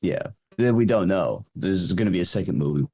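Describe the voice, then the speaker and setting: A man's voice: low voice, animated, fairly quick, dark tone, slightly rough. Joking man in casual podcast banter. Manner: joking, laughs often, swears. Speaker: podcast co-host.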